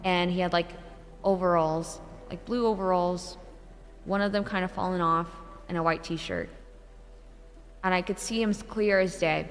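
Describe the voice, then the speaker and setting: A woman's voice: fairly low pitch, moderate pace, big-room sound. Young woman telling a ghost story. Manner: animated, swears, breaks into laughter. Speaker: VTuber streamer. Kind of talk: casual storytelling.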